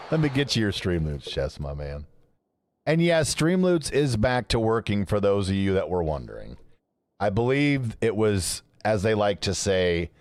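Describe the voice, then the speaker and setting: A man's voice: lowish voice, darkish tone, dry recording. A man chatting casually with his live-stream audience while playing a game, joking and reading chat messages aloud. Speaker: gaming streamer.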